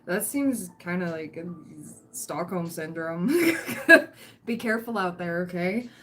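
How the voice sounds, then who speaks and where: A woman's voice: on the low side, animated, slow, pushed and bright, slight background noise. A woman giving a chatty, reassuring tarot reading on a livestream, full of fillers and restarts, her throat dry and catching. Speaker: tarot reader.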